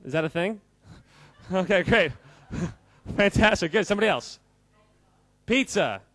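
A man giving an animated, jokey talk to a live audience, quizzing the crowd and often laughing. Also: high voice, measured pace, dry recording. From United States. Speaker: speaker addressing a live audience. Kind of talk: lively audience-interactive talk.

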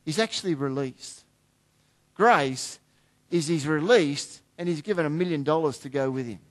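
Aussie pastor guy preaching, middle-aged, kinda high voice, goes quiet then punches stuff up. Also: normal speed. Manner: conversational preaching, swinging from hushed to emphatic. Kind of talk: sermon.

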